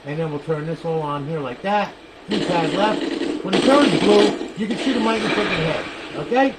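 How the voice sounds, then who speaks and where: A man giving a casual gameplay tutorial, rambling and swearing, who breaks into loud trash talk at other players. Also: high voice, moderate pace, very noisy. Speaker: console modder demoing a modded console.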